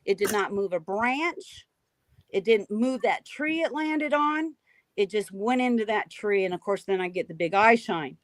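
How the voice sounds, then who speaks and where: A woman's voice: medium pitch, a little slow, no echo. Emphatic woman telling a scary story. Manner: animated, emphatic, repeats key phrases. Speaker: guest recounting encounters. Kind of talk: emotional storytelling.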